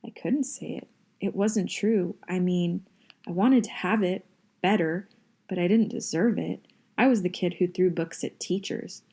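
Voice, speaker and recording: A woman's voice: fairly low pitch, mellow, husky. A woman reading a novel aloud in a wry, conversational first-person voice. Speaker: reader. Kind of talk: audiobook-style reading of a novel.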